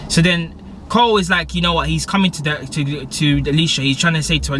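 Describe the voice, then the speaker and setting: A man's voice: fairly high pitch, steady tone, fast, fairly bright tone, slight background noise. A young man, recapping a TV episode in casual, rambling slang. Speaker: TV episode reviewer.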